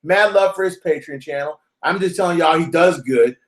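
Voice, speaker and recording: A man hosting a live stream, chatting casually and talking straight to his viewers in lively slang. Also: a little high, moderate pace, echoey room. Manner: animated, slangy, addresses viewers directly. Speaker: host of a live-streamed channel.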